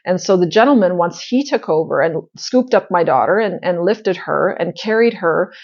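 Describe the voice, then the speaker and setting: A woman's voice: on the low side, expressive, moderate pace, darkish tone. Earnest rambling woman, slightly muffled. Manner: earnest, rambling with many fillers and restarts. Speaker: spiritual channel host. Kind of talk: casual storytelling monologue.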